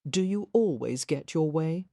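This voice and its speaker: A woman's voice: low voice, animated, measured pace, vocal fry, warm tone, no echo, studio quality, exaggerated voice. A woman voicing an eccentric young noblewoman, earnest and blunt, often exasperated, in an audiobook.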